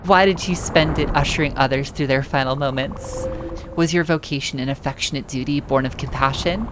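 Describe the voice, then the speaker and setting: Woman doing a grave, deep-toned death figure for a game read-through; measured and hushed. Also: rough recording. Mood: solemn. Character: solemn voice of death, ageless and calm.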